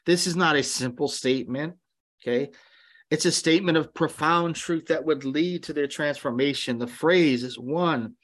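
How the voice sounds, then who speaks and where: A man's voice: fairly high pitch, animated, normal speed, fairly bright tone. A man preaching a sermon, telling a story with quoted dialogue before moving into emphatic preaching. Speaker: pastor.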